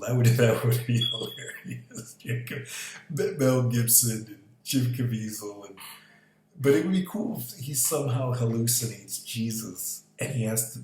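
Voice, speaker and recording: A man rambling casually in a vlog, swearing freely and chuckling at his own ideas. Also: mid-range voice. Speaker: vlogger. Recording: echoey room with faint background noise.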